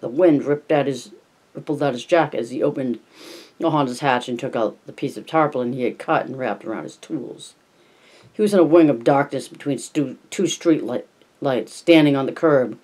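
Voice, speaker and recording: A man reading a novel aloud as an audiobook, steady, with small slips and restarts. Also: mid-range voice. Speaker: audiobook reader. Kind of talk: scripted narration.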